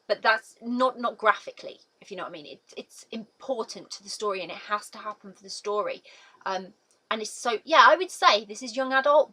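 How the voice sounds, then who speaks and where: A woman's voice: medium pitch, bright, forceful tone, low-quality recording. A young woman giving a casual, emotional video book review, gushing and full of "like" and "literally".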